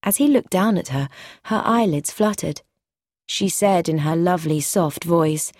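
A woman narrating a story aloud in a measured, clear, even way. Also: lowish voice, no echo, clean studio sound.

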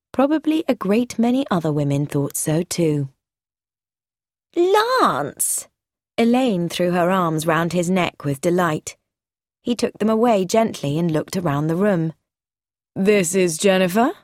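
A woman narrating a story aloud in a measured, clear, even way. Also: on the low side, no echo, studio quality.

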